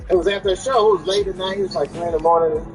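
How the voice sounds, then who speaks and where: A man's voice: high voice, steady tone, very fast. A man from Washington, D.C., telling a profane stand-up story and acting out its characters. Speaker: stand-up comedian. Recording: distant clip under loud music. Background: music from a game stream.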